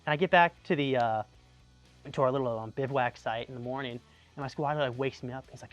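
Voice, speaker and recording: A man's voice: mid-range voice, fast, dry recording, lo-fi sound, faint music behind. A young man from Tucson, an army veteran, casually telling anecdotes in a chatty way full of "like" and restarts. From Tucson, Arizona, USA. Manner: animated, chatty, lots of "like" and restarts.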